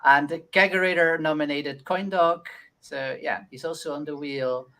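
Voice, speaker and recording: A man's voice: on the high side, steady tone, normal speed, sharp tone. A man co-hosting a casual podcast, stammering often and laughing readily. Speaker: podcast co-host. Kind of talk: casual chat.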